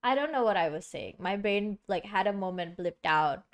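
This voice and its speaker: A woman's voice: mid-range voice, animated, normal speed. A woman streaming from home, chatting casually and rambling with many fillers and restarts. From Singapore. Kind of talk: casual live-stream chat.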